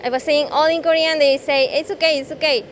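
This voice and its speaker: Woman, high voice, halting simple phrasing, street interview, faint traffic behind. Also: steady tone. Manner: halting non-native English, simple phrasing. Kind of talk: interview answer, personal story.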